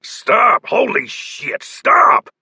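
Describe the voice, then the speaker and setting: A man voicing a tall bearded gang boss who barks orders and shouts down his crew. The voice is husky and close, with a dry, dead studio sound and lively swings in pitch. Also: a little slow, no echo, heavily acted. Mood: alarmed, shouting. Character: commanding bearded male gang leader, stern.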